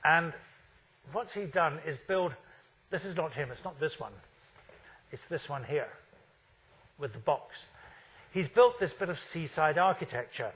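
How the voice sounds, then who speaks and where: A man's voice: a little high, lively intonation, a little slow, pauses often, husky, highs cut off. A man in his fifties giving a university architecture lecture, wry and full of rhetorical questions.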